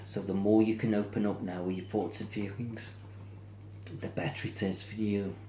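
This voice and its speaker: A man giving a spiritual card reading, speaking gently and repetitively, sounding tired and drained. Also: lowish voice, little pitch movement, normal speed, a little hiss or hum. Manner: soothing, repetitive, yawning and tired. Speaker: psychic card reader. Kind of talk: tarot-style reading to camera. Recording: echoey room with faint ambience.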